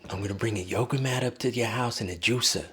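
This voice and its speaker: A man's voice: on the low side, fast, fairly bright tone, slight background noise, pitched above the performer's own voice, close to an everyday voice. A man imitating a brash ex-SEAL buddy from Staten Island, New York, pushy and matter-of-fact. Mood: insistent.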